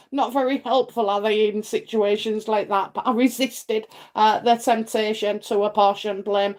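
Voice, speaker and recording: A middle-aged woman from England hosts a live psychic stream, talking in a loose, rambling way with plenty of fillers and repeated phrases. Her voice sits a bit high for a woman. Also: fairly even intonation, moderate pace, hardly any pauses, a little mellow. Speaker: psychic livestream host. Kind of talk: casual livestream chat and readings.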